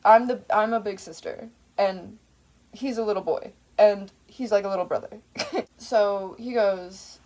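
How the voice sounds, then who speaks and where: Young woman, vlogger, rambling monologue, frequent swearing, medium pitch. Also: a little slow, darkish tone. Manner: rambling, tangential, swears freely.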